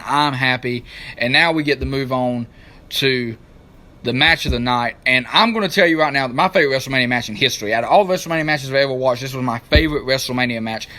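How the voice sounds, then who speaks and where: A man, co-hosting a wrestling talk show, who recaps matches in an excited, rambling casual way and stops to search for names. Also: mid-range voice.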